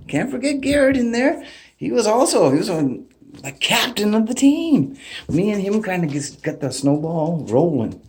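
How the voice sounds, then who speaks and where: A man with a high voice talks casually to his channel in a rambling, animated way. He sounds like he is in his thirties. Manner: rambling, animated, greets each name warmly. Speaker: channel host. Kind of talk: casual shout-out vlog.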